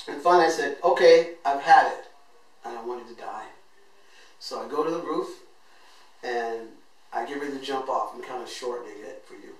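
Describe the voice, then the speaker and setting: A man earnestly telling his own life story as host, acting out what he said back then. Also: mid-range voice. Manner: earnest and emotional, acts out his own past words. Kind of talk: personal storytelling monologue. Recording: echoey room, voice from a distance.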